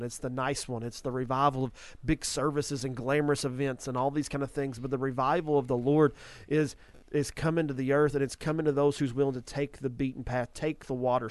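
A man's voice: medium pitch, no echo. A man hosting a Christian ministry show, earnestly preaching about a vision and repeating phrases for emphasis.

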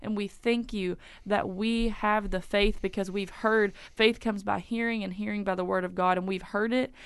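A woman's voice: medium pitch, steady tone, normal speed, clear, resonant tone, no room sound. A woman leading a spoken prayer in a flowing, repetitive stream of petitions.

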